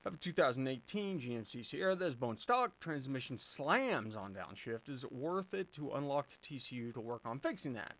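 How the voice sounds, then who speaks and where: A man's voice: mid-range voice, sing-song, fairly quick, hardly any pauses, a bit bright. A man hosting a live stream, chatting casually and answering viewer questions with plenty of fillers and restarts. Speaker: livestream host answering chat.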